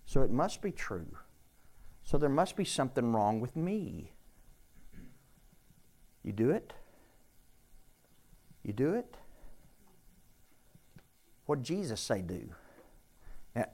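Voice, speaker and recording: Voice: medium pitch, big pitch swings, slow pace, pauses often, breathy edge. An older preacher giving an interactive sermon in a church, questioning the congregation, teasing and emphatic. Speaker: preacher teaching scripture.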